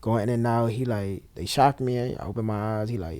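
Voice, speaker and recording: With a voice on the low side and a slightly fast pace, a Brooklyn, New York man tells an emotional story as a guest, animatedly acting out others' voices. No room sound is audible.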